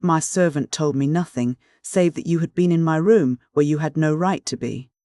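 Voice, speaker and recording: A narrator voicing a contemptuous young English gentleman who answers promptly and coldly. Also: mid-range voice, normal speed, no echo, studio quality, close to an everyday voice. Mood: cold contempt.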